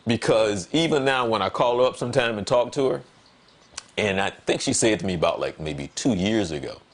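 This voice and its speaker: A man's voice: on the low side, a little fast. Emphatic man telling a story. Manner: animated, voice jumps up when quoting himself. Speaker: talk show guest. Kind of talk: casual conversation.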